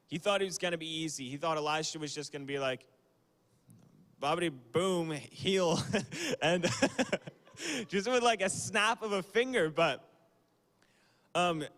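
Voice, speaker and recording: A young man speaks to a youth group in a chatty, informal way, with fillers and quick apologies. His voice sits fairly high. A long hall reverb trails each phrase. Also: a bit bright. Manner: casual, conversational, with fillers and small apologies. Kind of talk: youth sermon on a livestream.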